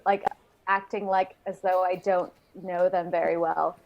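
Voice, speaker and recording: A woman's voice: mid-range voice, flat delivery, measured pace, vocal fry, background noise. A woman playing a tabletop game, playful and apologetic in character. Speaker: player. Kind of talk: casual tabletop play.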